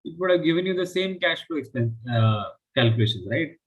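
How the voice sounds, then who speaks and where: A man's voice: a little high, animated, a little fast, lo-fi sound. A man teaching a live online finance class, explaining step by step and often checking with "right?". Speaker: finance instructor.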